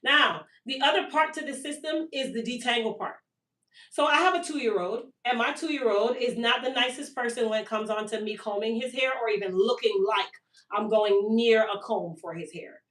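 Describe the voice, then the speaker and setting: A woman, hosting a live stream for her hair care business and telling a long-winded, animated story about her toddler. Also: on the high side, moderate pace, distant mic. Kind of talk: casual live-stream sales chat. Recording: echoey room, voice a bit off-mic.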